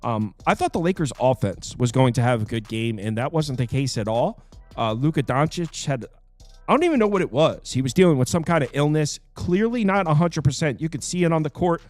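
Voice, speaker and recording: Fast-talking man giving sports betting picks. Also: fairly high pitch, soft background music. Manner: animated, quick, with fillers and self-interrupting asides. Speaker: sports betting show host. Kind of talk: casual sports picks talk.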